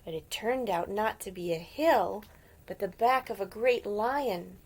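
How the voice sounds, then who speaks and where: A woman reads a picture book aloud to young children in a slow, unhurried way. Her voice has a gravelly edge, and she often drops into a gentle whisper, adding playful animal sounds. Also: mid-range voice. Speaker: storyteller for children.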